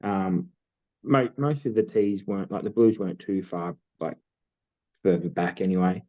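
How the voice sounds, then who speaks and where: A man's voice: sits low, normal speed. A man, co-hosting a podcast and telling a long story in casual chat, full of fillers. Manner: rambling storytelling with many fillers. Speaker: podcast co-host. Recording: tinny phone-like sound.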